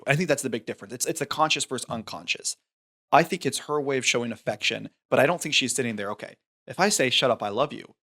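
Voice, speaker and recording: Brief: male podcast co-host, casual, thinks aloud, mid-pitched voice. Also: a bit bright. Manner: thoughtful, rambling with restarts. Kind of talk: casual film discussion.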